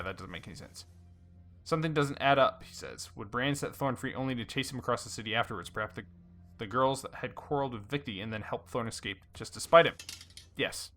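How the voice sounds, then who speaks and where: A man's voice: medium pitch, fairly quick, a bit bright, faint music behind. A man hosting a let's play, casually reading game dialogue aloud with fillers and small slips.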